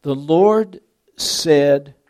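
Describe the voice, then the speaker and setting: A man preaching a sermon with slow, deliberate phrasing, dropping to near whispers and then rising to loud emphasis on key words. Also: fairly high pitch.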